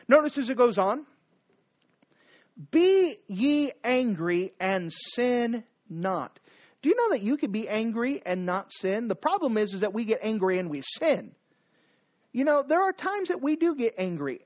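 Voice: mid-range voice, darkish tone, highs cut off. A preacher giving a sermon, exhorting the listeners with repeated commands and rhetorical questions.

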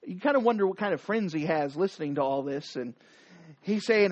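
A man preaching a sermon, retelling the passage with dramatic, animated storytelling. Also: sits high, fairly quick, dull audio. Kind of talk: expository sermon.

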